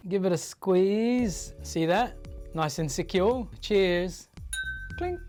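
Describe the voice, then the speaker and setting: A woman's voice: medium pitch, takes it slowly, dark tone, faint music behind. A woman chef making enthusiastic tasting remarks.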